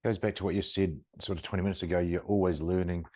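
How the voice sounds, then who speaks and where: A man's voice: sits low, steady tone, quick pace, darkish tone, dry recording, studio quality. A man hosting a podcast interview, talking in a conversational, rambling way and praising his guest. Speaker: podcast host. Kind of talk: casual interview talk.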